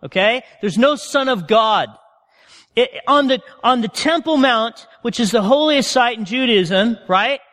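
A man preaches in a loose, chatty sermon style, checking in with his listeners through frequent questions. His voice sits very high for a man. The sound carries a long reverb tail, as in a large hall. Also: expressive, measured pace, a bit bright. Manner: conversational, asks the audience questions. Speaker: pastor.

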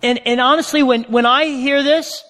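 Male pastor, very high voice, casual preaching, asks the room questions, long reverb. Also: steady tone, normal speed, sharp tone. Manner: conversational, asks the audience questions. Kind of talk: sermon.

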